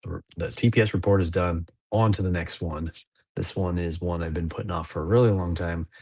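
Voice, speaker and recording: A low-voiced man in his thirties chats on a podcast in a loose, rambling way, full of fillers and restarts. The sound is dry and close, with no room around it. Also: fairly even intonation, a little fast, darkish tone, breathy edge, no room sound. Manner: rambling, laid-back, many fillers and restarts. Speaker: podcast co-host. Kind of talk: casual chat.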